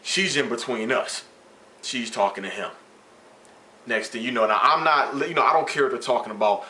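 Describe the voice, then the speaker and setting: A man's voice: mid-range voice, normal speed, a little hiss or hum. A man vlogging, casually retelling a workplace story with slang and swearing and acting out the dialogue. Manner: animated, slangy, profane retelling with quoted dialogue.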